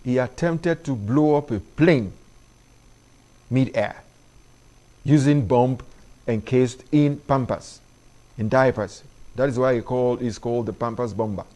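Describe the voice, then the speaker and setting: A middle-aged man, hosting an opinion monologue addressed to parents in an emphatic, preachy way that climbs in pitch on his key points. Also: measured pace, pauses often, warm tone. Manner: preachy, emphatic, rises sharply when stressing points. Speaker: commentary show host.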